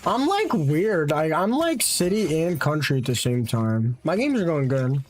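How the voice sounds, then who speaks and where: A man's voice: fairly high pitch, very animated, measured pace, a little hiss or hum. A young American man live-streaming a game, chatting with viewers and chanting sound effects while he plays.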